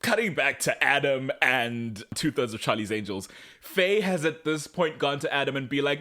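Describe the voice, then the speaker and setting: A man co-hosting a podcast, recapping a TV episode in casual chat and acting out the characters' lines in quick voices. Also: medium pitch, lively intonation, sharp tone. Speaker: podcast co-host.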